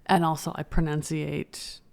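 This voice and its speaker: An American woman co-hosts a relaxed bilingual podcast. Her voice sits a little low, and she pronounces every word clearly and deliberately. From United States. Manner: clear, careful enunciation. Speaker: podcast co-host, English teacher. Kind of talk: casual bilingual podcast chat.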